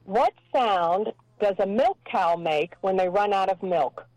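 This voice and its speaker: A woman's voice: mid-range voice, lively intonation, measured pace, a little mellow, no room sound, muffled recording. Older female caller, sweet and flustered, dry phone sound. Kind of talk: phone-in chat.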